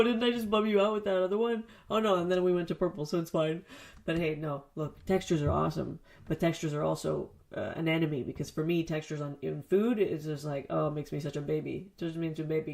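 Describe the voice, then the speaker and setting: A woman's voice: low-pitched, a little mellow. Lady rambling solo on her podcast, swears a lot, jokes at herself. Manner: profane, rambling, self-deprecating. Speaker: podcast host. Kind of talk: casual solo podcast chat. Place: home basement studio. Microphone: studio mic, spoken into its wrong side.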